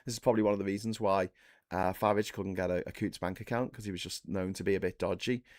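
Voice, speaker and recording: A man's voice: sits low, steady tone, quick pace, no room sound, studio quality. Sweary rambling man. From Liverpool, England. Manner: rambling, sweary, stammering restarts. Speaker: host. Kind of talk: casual live chat show.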